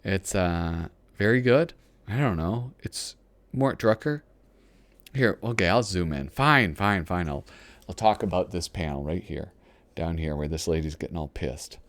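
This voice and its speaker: Deep-voiced and unhurried, this man hosts a show where he leafs through a magazine, reading lines out loud with loose, wandering commentary. He frequently pokes fun at himself, and the sound has no echo.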